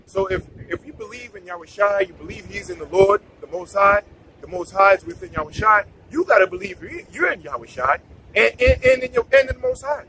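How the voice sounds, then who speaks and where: Brief: high, bright male bible teacher, stop-start preachy delivery, faint traffic behind. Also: lively intonation, fairly quick, poor audio. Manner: preachy, repeats words, many restarts. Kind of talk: casual scripture talk.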